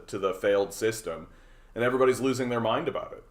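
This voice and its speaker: A man's voice: fairly low pitch, steady tone, normal speed. A Canadian man hosting a political livestream, ranting sarcastically and repeating words as he goes. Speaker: livestream host.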